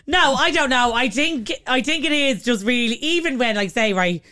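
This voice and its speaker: A young Irish woman in sweary, animated podcast chat. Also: sits high, moderate pace, no echo, clean studio sound. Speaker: podcast co-host. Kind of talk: casual chat.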